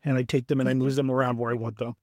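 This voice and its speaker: Animated storytelling man, dry close sound. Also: medium pitch, rapid-fire, dry recording. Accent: Southern US. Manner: animated storyteller, acts out quoted friends in a raised voice. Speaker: author being interviewed. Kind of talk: casual storytelling in an interview.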